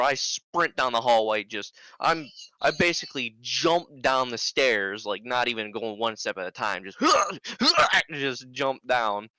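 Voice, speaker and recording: A young man who is a podcast guest, telling a story in animated casual talk and swearing freely. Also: mid-range voice, clean tone, no room sound, poor audio.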